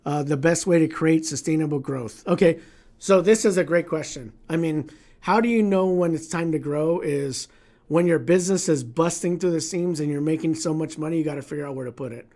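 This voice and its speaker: A man's voice: a little high, brisk, a little mellow. Blunt, profane man hosting a livestream. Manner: blunt, profane, storytelling with acted inner dialogue. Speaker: livestream host giving business advice. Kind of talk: casual livestream Q&A talk.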